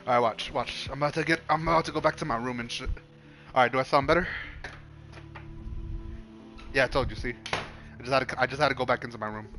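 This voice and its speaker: A man's voice: mid-range voice, fast, pauses often, over music. A young man streaming a game, chatting casually in a rambling, profane way, full of stop-start restarts.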